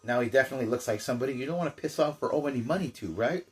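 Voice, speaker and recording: A man's voice: medium pitch, racing. An older man chatting casually through a toy unboxing, rambling with jokey asides. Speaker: toy collector.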